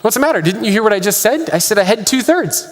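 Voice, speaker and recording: Exasperated submarine captain, male, raised high voice, a speaker acting him out in an echoey hall. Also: animated, fast. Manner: exasperated questioning. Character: frustrated male submarine captain giving orders.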